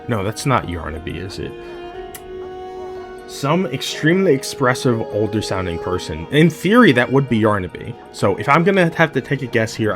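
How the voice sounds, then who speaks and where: A man casually commenting on a video game, joking and exasperated as he talks to the characters. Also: mid-range voice. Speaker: gaming video host. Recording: loud game music and chorus behind voice.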